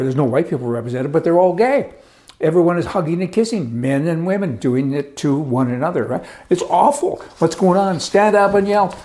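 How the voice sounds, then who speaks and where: A man's voice: fairly high pitch, mellow. An older man delivering a sarcastic opinion monologue, ranting and chuckling as he talks. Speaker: commentary host.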